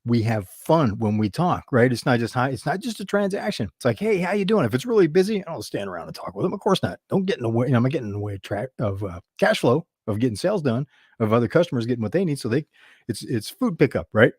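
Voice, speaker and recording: A man talks straight to his viewers, spinning a story about a small business at an easy, conversational pace. His pitch sits in the middle of the range. The sound is dry and close, with hardly any room echo. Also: big pitch swings, fast, darkish tone, husky. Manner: storytelling, chatty, with restarts and quoted dialogue. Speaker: business show host. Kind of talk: casual talk to camera.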